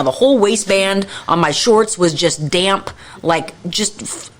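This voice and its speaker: A woman's voice: on the low side, moderate pace, few pauses. A woman co-hosting a podcast, telling a story in casual chat with constant swearing and exasperated venting, acting out her own past lines. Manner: profane, exasperated ranting. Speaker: podcast co-host.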